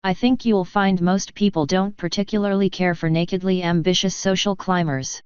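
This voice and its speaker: A woman voicing a calm, contemptuous male courtier who speaks in a cutting tone. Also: fairly low pitch, normal speed, smooth, dry recording, highs cut off, lightly acted. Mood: cold.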